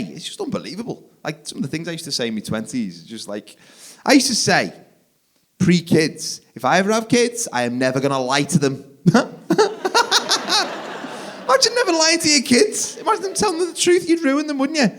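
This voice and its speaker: Animated stand-up comic. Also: male voice, sits high. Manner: animated, jumps into loud shouted voices for the kids. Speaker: stand-up comedian. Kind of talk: live stand-up comedy. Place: theatre stage. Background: audience laughter.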